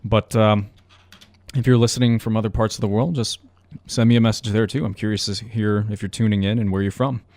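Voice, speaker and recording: A man's voice: on the low side, steady tone, fairly quick, darkish tone. Rambling young male radio host. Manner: rambling, self-mocking, joking. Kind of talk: casual radio chat.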